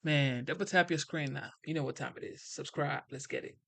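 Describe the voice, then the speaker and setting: A man's voice: fairly high pitch, a little fast, gravelly, sharp tone. A young man streaming a casual reaction, incredulous and putting questions to his chat.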